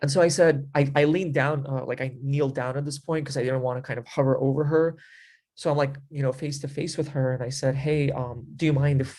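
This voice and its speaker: A man of ordinary pitch tells a story in loose, easygoing chat. His talk wanders and fills up with little fillers. Now and then he slips into quoting what he said back then. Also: steady tone, fairly quick, a little mellow. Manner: rambling, filler-heavy with frequent 'like' and 'you know'; acts out his own past remarks in quotes. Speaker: interview guest telling a story. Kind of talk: casual storytelling.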